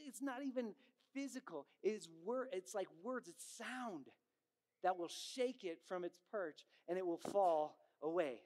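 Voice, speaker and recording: A man's voice: high voice, a little mellow. A man preaching a sermon, telling stories with sound effects and acted voices and often checking in with the audience by asking "right?". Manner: frequent "right?" asides to the audience. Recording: long hall reverb.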